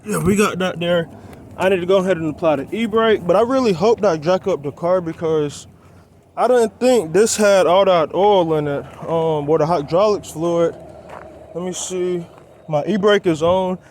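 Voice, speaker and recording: A man's voice: high voice, moderate pace, a little mellow, a little hiss or hum. A young man talking loosely to his viewers while working on his car outdoors, a little out of breath. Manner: loose, rambling, talks to viewers as y'all. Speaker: car vlogger. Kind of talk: casual vlog chat. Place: outdoors on a quiet roadside.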